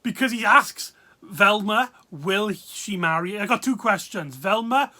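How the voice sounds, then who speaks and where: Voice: mid-range voice, a little slow, sharp tone. A video reviewer, talking casually and rambling with many fillers and asides. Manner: rambling, full of fillers and laughs.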